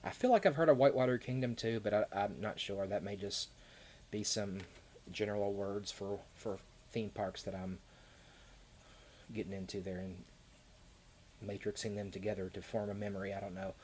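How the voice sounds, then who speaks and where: A man with a Kentucky accent rambles through a casual live stream, answering viewers between laughs and fillers. His voice sits a little low. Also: fairly even intonation, moderate pace, pauses often, darkish tone, a little hiss or hum.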